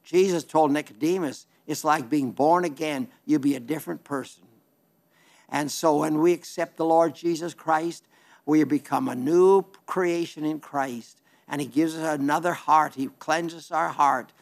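Folksy tv preacher guy, earnest, kinda high voice, reads viewer letters. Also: measured pace. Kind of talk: televised sermon and letter reading.

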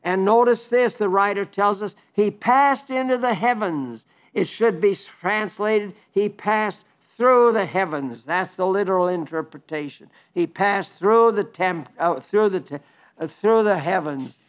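A man's voice: sits high, measured pace. Older man preaching an earnest, folksy sermon. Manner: earnest, folksy and pleading, with restarts.

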